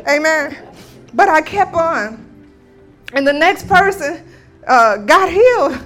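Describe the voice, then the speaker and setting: A woman's voice: high-pitched, animated, slow pace, fairly bright tone, faint music behind. A woman giving a sermon testimony, telling a healing story with emphatic declarations. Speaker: guest speaker.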